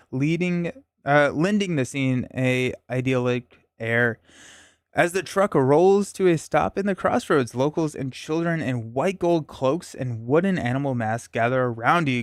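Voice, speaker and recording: A man's voice: mid-range voice, no room sound, studio quality. A man hosting a solo board game playthrough, reading the story text aloud with stumbles, self-corrections and casual asides. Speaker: board game channel host.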